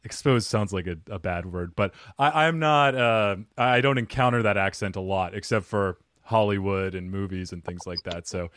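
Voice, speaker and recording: A man's voice: lowish voice, normal speed, few pauses, a bit bright, dry recording, clean studio sound. A man hosting a podcast, chatting playfully with his guest and laughing often. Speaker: podcast host. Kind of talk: casual podcast interview.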